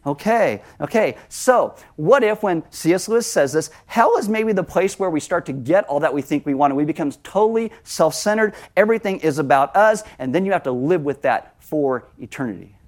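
A middle-aged man preaching a sermon as pastor, conversational, with lively asides. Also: a little high, brisk, few pauses.

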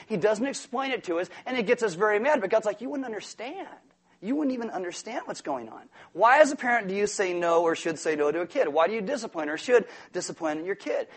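Male pastor, high voice, animated sermon delivery with acted-out quotes. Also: breathy edge. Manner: animated, acts out quotes and toddlers with big swings in volume.

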